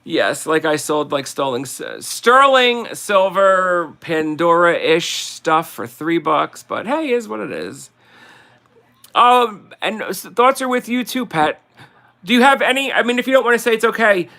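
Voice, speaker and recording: Jersey-accented male livestream host, fairly high, bright tone, rambling and chatty. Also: sing-song, a little slow, vocal fry. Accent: New Jersey. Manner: rambling, chatty, laughs often. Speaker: livestream host selling collectibles. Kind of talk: casual livestream chat.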